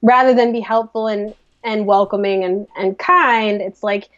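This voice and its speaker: A woman from the US Midwest with a Midwestern accent, co-hosting a podcast in casual chat and ranting with animated mock indignation. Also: mid-range voice, moderate pace, lo-fi sound. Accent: Midwestern American. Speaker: podcast co-host.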